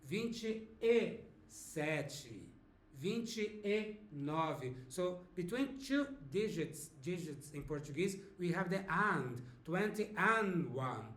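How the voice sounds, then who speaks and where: A man with a Brazilian accent teaching a language lesson, drawing words out slowly and having learners repeat after him. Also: high-pitched, a bit bright. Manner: slow, drawn-out repetition of words for learners. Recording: echoey room.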